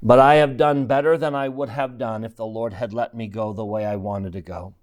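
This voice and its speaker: An older man from Canada, a church leader, tells a personal story in a sermon with an earnest, measured delivery and deliberate pauses. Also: mid-range voice, fairly even intonation, darkish tone.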